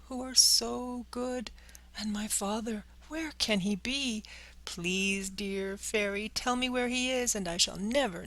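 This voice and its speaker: A woman's voice: fairly bright tone, exaggerated voice. A woman voicing a young wooden puppet boy in an audiobook, speaking in a raised, pleading, tearful voice. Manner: high, pleading, tearful cries. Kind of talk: audiobook character voice.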